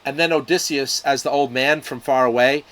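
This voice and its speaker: A man's voice: mid-range voice, fairly even intonation, moderate pace, a bit bright. A man talking casually to camera, retelling a miniseries plot in a loose, profane way, with lots of restarts and fillers. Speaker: video reviewer.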